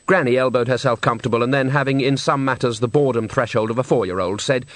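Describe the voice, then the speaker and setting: A man's voice: mid-range voice, fast, dry recording. A man narrating a comic fantasy novel in a wry, storytelling manner. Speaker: audiobook narrator. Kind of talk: scripted narration.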